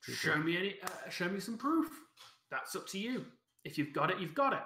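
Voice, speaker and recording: A man voicing a gruff, suspicious male duergar guard who talks bluntly and threateningly, in a tabletop game. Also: high-pitched, big pitch swings, bright, forceful tone, slight background noise, pitched above the performer's own voice, heavily acted. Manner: blunt, threatening, halting with fillers. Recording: echoey room.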